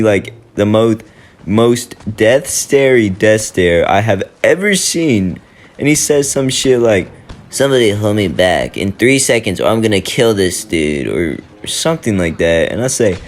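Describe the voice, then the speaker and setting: A young man telling a story in a casual vlog, rambling with lots of fillers and swearing freely. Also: mid-range voice. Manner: rambling and profane, heavy with fillers.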